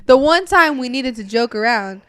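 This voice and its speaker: High-voiced woman guest, dry sound. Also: lively intonation, moderate pace, fairly bright tone, clear, resonant tone, no room sound. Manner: joking, laid-back banter. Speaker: podcast guest, worship pastor. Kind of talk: casual chat.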